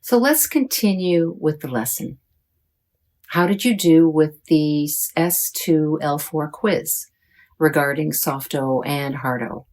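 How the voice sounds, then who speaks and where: American lady teaching pronunciation, low voice, talks real slow, says each sound carefully. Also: a little mellow. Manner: deliberate, modeling sounds for learners.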